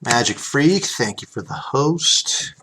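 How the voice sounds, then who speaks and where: A man of middle pitch chats through a live stream in a relaxed, rambling way. He reads card text aloud, laughs easily and keeps thanking viewers. A faint hiss sits under his desk mic. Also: takes it slowly. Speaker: streamer opening card packs. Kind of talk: casual live-stream chat.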